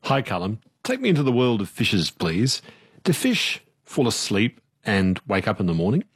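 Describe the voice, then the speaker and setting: A man's voice: fairly low pitch, normal speed, breathy edge. A man, hosting a radio interview, reading a scripted intro and then asking curious questions. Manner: inquisitive, lively questioning.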